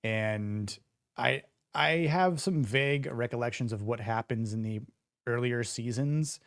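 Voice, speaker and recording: A man's voice: medium pitch, a little slow, no room sound. Young guy hosting a stream, rambly, lots of ums, dry close sound. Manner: rambling, many fillers and restarts. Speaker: podcast host. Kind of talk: casual livestream chat.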